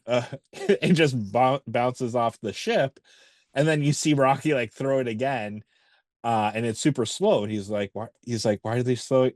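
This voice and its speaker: A man's voice: mid-range voice, a little mellow, dry recording, clean studio sound. A man co-hosting a casual movie podcast, retelling favorite scenes with laughter and casual swearing. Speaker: podcast co-host. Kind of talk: casual movie review chat.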